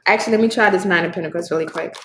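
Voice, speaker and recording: A tarot reader races through a casual on-camera reading in a fairly low voice, with noise in the background and an echoey room. She's effusive, swears freely, and speaks straight to her audience.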